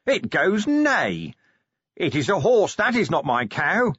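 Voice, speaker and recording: A man's voice: high-pitched, very animated, slow, a bit bright, husky, dry recording, lo-fi sound, voice pushed up, full character voice. A man playing a dazed, wailing wounded commander. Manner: dazed, childlike chanting, rising to anguished wails. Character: delirious wounded middle-aged male watch commander.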